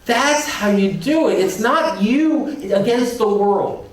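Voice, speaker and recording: A man giving an animated, emphatic conference talk to a room of librarians, acting out quoted voices with playful energy. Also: high voice, slow. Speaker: conference keynote speaker. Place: large conference hall. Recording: echoey hall, distant mic.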